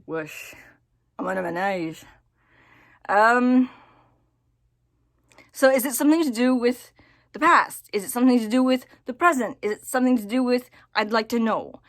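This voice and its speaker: Halting, soft-spoken woman vlogger. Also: on the high side, no room sound, clean studio sound. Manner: halting, repeats words, trails off. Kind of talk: casual personal vlog.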